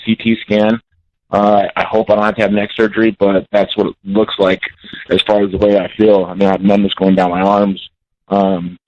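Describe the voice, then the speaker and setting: A man's voice: lowish voice, darkish tone, slight background noise. A man in his forties calling in by phone to an interview, talking bluntly and intensely and repeating himself. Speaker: guest fighter calling in. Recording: dull lo-fi call-in audio.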